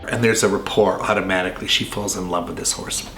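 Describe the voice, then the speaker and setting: A man's voice: low voice, fairly even intonation, quick pace. A male host giving casual, enthusiastic film commentary with rambling asides. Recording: roomy echo, faint ambience.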